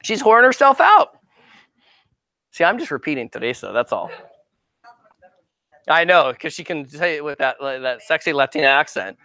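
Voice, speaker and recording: A middle-aged man giving an informal marketing seminar in a lively, conversational way, often checking in with "right?". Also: on the high side, moderate pace, long pauses, no room sound. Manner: conversational, animated, keeps asking "right?". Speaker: marketing speaker and actor coach.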